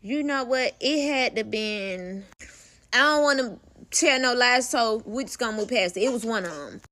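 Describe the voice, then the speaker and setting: Young woman, storytime vlog, bright slightly high voice, blunt and cussing. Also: moderate pace. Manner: candid, profane, calls the listener "baby".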